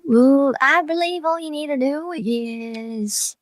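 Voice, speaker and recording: A woman guest on a coding stream, explaining ideas helpfully with quick agreeing interjections. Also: high-pitched, no room sound. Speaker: guest programmer. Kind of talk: casual coding chat.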